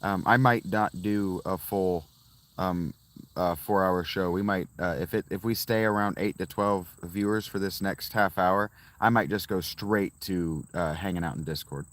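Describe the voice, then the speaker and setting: A man's voice: low-pitched, steady tone, moderate pace, fairly bright tone. Chatty man in his fifties, livestreaming outdoors. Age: 50s. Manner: rambling, chatty, reads out viewer names. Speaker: livestream host. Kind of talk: casual livestream chat with viewers. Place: outdoors by a fountain. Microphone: phone.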